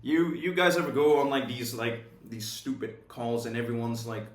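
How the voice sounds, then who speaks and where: A young man teaching an online course in a casual, high-energy, profane way, checking in with "right?" over and over. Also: steady tone, normal speed. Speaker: course instructor. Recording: roomy echo.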